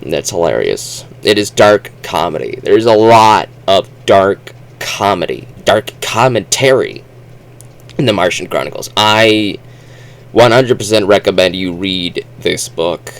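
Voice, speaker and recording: Low-voiced man rambling about a book. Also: lively intonation, vocal fry. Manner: rambling, halting, with restarts. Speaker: book reviewer. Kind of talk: casual book review vlog.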